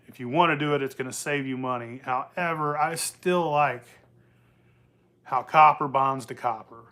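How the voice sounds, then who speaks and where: A young man with a medium-pitched, bright, forceful voice hosts his moonshine-making vlog from the workshop. He talks loosely and rambles, swearing plenty and laughing often.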